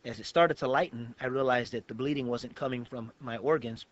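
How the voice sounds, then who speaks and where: A man's voice: medium pitch, fairly quick. A man, a pastor and guest on a talk show, telling a long personal story in an earnest, detailed way with frequent restarts. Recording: dull lo-fi web show recording.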